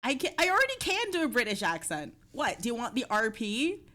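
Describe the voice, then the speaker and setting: A woman's voice: a little high, wildly swooping pitch, a little fast, sharp tone. A young woman streaming, chatting casually with her viewers, swearing offhand and laughing often.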